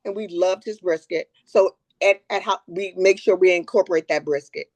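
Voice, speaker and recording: A woman's voice: lowish voice, moderate pace, darkish tone, no echo. An older woman talking openly as a guest in a personal conversation, earnest and reflective, often repeating words as she gathers her thoughts.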